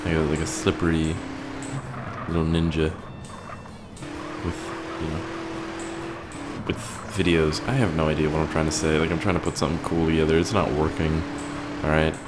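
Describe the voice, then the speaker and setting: A man's voice: rumbling low, flat delivery, normal speed, pauses often, heavy background noise. A young man giving rambling, self-mocking gameplay commentary, swearing often. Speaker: gaming YouTuber. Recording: with loud game sounds behind. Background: car game sounds.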